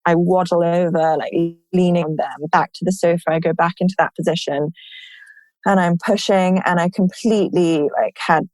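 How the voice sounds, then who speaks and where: Candid woman with a low voice. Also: normal speed, no room sound, low-quality recording. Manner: candid, animated retelling, many "like" fillers. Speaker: guest sharing her birth story. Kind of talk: personal storytelling in a conversation.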